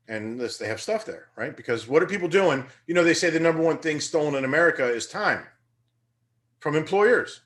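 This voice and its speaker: Young male teacher, slightly high-pitched, energetic, conversational motivational lecture. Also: brisk. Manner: energetic, conversational, rising to emphatic bursts.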